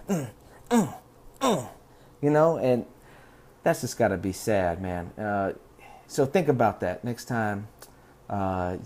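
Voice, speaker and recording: A man's voice: mid-range voice, darkish tone. A man hosting a podcast, telling stories in a rambling, profane, laid-back way. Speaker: podcast host. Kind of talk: casual rambling monologue.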